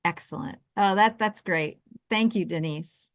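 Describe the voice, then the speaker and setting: A woman with a South Jersey accent hosting a webinar, coaching with lively restarts and repeated words. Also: fairly low pitch, unhurried, no echo. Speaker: webinar host and intercultural coach.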